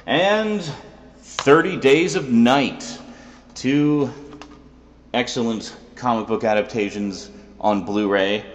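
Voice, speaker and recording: A man hosting his own review show, chatting casually with wry, rambling asides. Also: on the low side. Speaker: video reviewer, show host.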